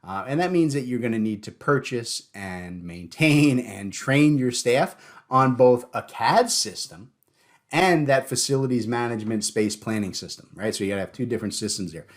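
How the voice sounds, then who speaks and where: A man hosting a podcast in casual chat, joking and animated, often stumbling and repeating words. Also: medium pitch, normal speed. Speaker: podcast host.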